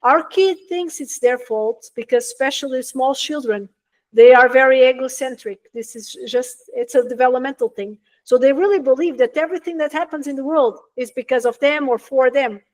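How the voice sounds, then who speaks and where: High-voiced earnest woman parenting coach. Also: normal speed. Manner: earnest, emphatic, explanatory. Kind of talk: interview explanation.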